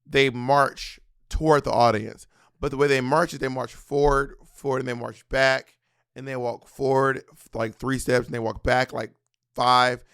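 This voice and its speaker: A man in his thirties co-hosting a casual chat, telling stories in an animated way. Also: medium pitch, moderate pace, clean tone, dry recording, studio quality. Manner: storytelling, animated, laughs often. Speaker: podcast co-host.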